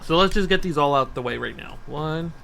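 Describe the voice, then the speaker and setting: A man streaming casually as he builds a model kit. He rambles, asks himself questions and counts steps out loud while he works. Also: fairly high pitch, a little fast, creaky, a little hiss or hum. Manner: easily sidetracked, lots of restarts and rhetorical questions.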